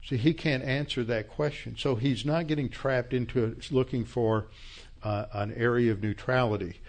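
A man's voice: mid-range voice, steady tone, moderate pace. A man teaching a church Bible class in a conversational, reflective lecturing style and closing in prayer.

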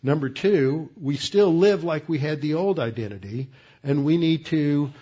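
A man's voice: on the high side, a little slow, mellow, husky. Methodical male Bible teacher, lo-fi. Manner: methodical, explanatory, frequent "uh" restarts.

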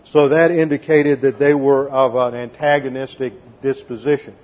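A man's voice: mid-range voice, flat delivery, moderate pace. A man preaching an expository sermon, methodical and emphatic, counting off numbered points to his congregation. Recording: dull lo-fi sermon recording.

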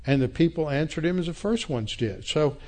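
A man's voice: fairly high pitch, expressive, brisk. A male pastor delivers a Bible-teaching sermon. He speaks in an emphatic, direct way, leaning hard on key phrases as he presses his point. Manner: emphatic Bible teaching with frequent restarts and quoted voices.

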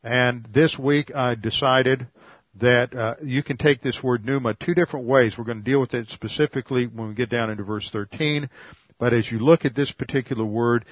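Male pastor, sermon teaching, steady and deliberate; muffled, dry recording. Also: medium pitch, no echo. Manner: measured, deliberate lecturing with occasional restarts. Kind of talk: expository Bible teaching.

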